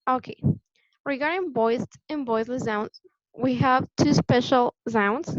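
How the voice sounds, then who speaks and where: A woman teaching English pronunciation in a patient, deliberate way, repeating the key points for her students. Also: high-pitched, no echo. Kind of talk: classroom lesson explanation. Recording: dull lo-fi sound, dry.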